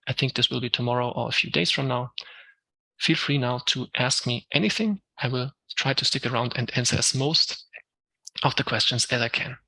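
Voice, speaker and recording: German-accented man teaching with a gravelly edge. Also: medium pitch, pushed and bright, rough recording. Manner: explains step by step, many ums, answers questions. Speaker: Unreal Engine instructor. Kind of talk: live tech talk with Q&A.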